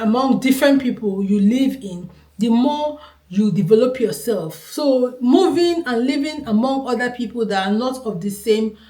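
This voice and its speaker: This vlogger, a woman from Nigeria, has a fairly high voice with a darkish tone and a Nigerian accent. Talking casually to camera, she gives her opinion earnestly and forcefully, repeating points for stress, recorded with a roomy echo.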